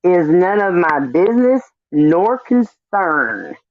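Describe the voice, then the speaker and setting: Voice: medium pitch, very animated, slow pace. A livestream guest in casual chat, telling stories bluntly and swearing freely. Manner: blunt, profane storytelling. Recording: dull lo-fi stream audio.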